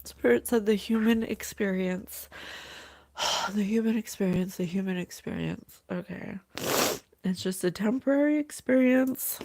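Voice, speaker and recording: A woman hosting a psychic reading. She thinks aloud slowly and haltingly, repeating phrases as she relays spirit messages. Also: mid-range voice, very animated, darkish tone.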